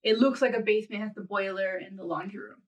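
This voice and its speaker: A woman's voice: medium pitch, quick pace, far from the mic, highs cut off. A woman hosting a podcast, telling a long dream story in casual chat, acting out the quotes and laughing often. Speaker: podcast host.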